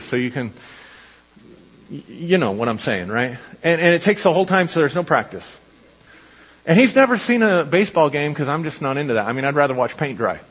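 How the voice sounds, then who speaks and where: High-voiced animated preacher in a reverberant hall. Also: male voice, husky. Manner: animated storytelling, laughs often, repeats words. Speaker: pastor. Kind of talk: sermon. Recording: dull lo-fi audio with long hall reverb.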